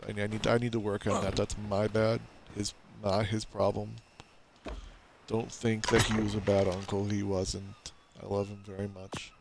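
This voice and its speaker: A man's voice: lowish voice, little pitch movement, moderate pace, vocal fry, very noisy. A man rambling through gameplay commentary in a mock-earnest, confessional way, cracking self-mocking jokes. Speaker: gameplay streamer. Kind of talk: rambling let's-play commentary.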